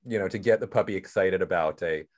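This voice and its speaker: A man's voice: low voice, quick pace. A man training a puppy, talking in a thoughtful way with filler words. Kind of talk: casual discussion.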